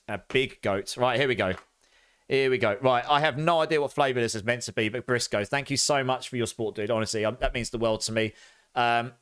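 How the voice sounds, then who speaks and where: Male game streamer, loose live chat to viewers, animated reactions, mid pitch. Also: clean tone. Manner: chatty, animated, groaning and gagging reactions.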